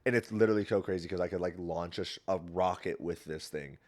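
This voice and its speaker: A young man hosting a podcast in a casual solo rant, full of swearing and rambling, moving between low mumbles and loud outbursts. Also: quick pace. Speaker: podcast host.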